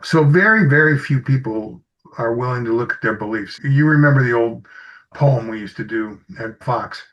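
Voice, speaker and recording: A man's voice: mid-range voice, moderate pace. Storytelling man on a muffled recording. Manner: tells anecdotes, acts out dialogue in stories. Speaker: executive coach guest. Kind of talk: conversational interview storytelling. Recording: slightly muffled audio.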